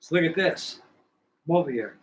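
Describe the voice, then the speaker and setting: An older man from California with a slightly high-pitched voice hosts a model-building show. He tells long, meandering stories in a casual, salty way, swearing easily as he goes. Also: expressive, moderate pace, low-quality recording. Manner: folksy, salty, digressive. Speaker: model-building channel host. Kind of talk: rambling casual storytelling.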